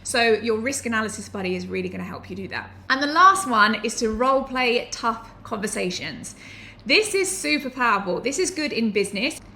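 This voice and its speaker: A woman's voice: on the high side, expressive, brisk, bright, forceful tone, slight background noise. A woman, teaching to camera in a chatty, enthusiastic way with anecdotal asides. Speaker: online business educator.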